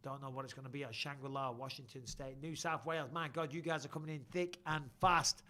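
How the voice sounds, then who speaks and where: Bright-voiced, blokey man. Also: medium pitch, brisk, slight background noise. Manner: lively, sweary, blokey banter. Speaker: host. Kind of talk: live chat shout-outs.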